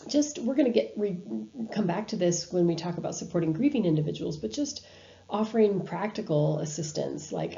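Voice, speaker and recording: A woman's voice: on the low side, very animated, brisk, dark tone, dull audio. A woman giving a recorded university lecture over slides, talking in a conversational way with frequent ums and restarts. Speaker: university instructor.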